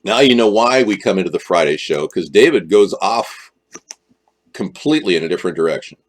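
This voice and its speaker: Man, rambling live-stream host, lower voice, lively swooping pitch, jokey. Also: fairly quick. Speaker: livestream host.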